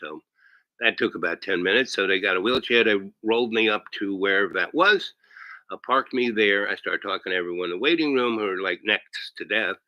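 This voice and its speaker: A man's voice: lowish voice, fairly quick, no echo, lo-fi sound. A man telling a rambling comic anecdote, often tagging his lines with "right?". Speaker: storyteller.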